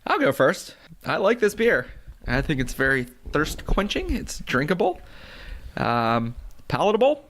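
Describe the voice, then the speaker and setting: A man from Pittsburgh co-hosting a casual beer-tasting podcast, playful and quick to laugh. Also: on the high side, very animated, fairly bright tone, a little hiss or hum. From Pittsburgh, USA. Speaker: podcast co-host.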